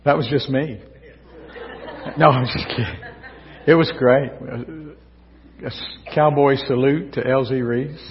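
A pastor delivers a slow, unhurried sermon, bantering with his congregation in a folksy way. His voice is slightly hoarse, as if he is losing it. The sound is dull and lo-fi, with a long church reverb. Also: medium pitch, a little hiss or hum. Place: church sanctuary.

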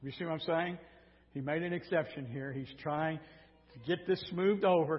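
A male preacher with a high voice retells a story from the pulpit in a lively way, adding sarcastic asides. The sound is dull and carries a long reverb from a large hall. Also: moderate pace. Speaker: pastor. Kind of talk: sermon.

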